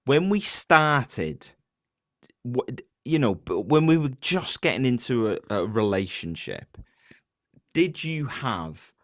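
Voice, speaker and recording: A young man talks casually as co-host of a couples podcast. His voice moves a lot in pitch and he keeps cutting himself off mid-thought. The recording is dry and close. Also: no room sound. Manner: rambling, self-interrupting, joking. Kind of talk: casual chat.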